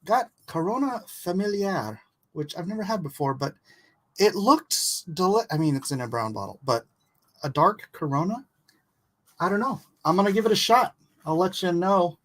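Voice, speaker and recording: A man chats loosely on his own livestream, laughing easily as he eats. His voice sits a little high and moves around a lot. The talk is relaxed and casual throughout. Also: moderate pace. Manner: relaxed, chatty, laughs easily while eating. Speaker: livestream host.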